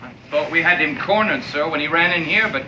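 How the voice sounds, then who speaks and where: A man's voice: fairly high pitch, a little fast, natural voice. An actor playing a dutiful male army corporal, deferential to his superiors and curt with townsfolk. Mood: sheepish. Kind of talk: 1960s TV drama acting. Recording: muffled old TV soundtrack with background noise.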